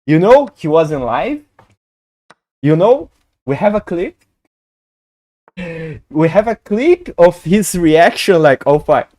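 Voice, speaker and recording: A man chatting casually on a live chess stream, excitable and chatty, swearing and laughing often. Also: sits high, slow pace, long pauses, dry recording, studio quality. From Brazil.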